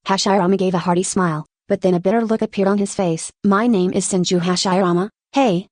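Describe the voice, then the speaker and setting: A woman's voice: medium pitch, fairly even intonation, fairly quick, few pauses, a little mellow, no room sound. Dry-voiced woman narrating an audiobook.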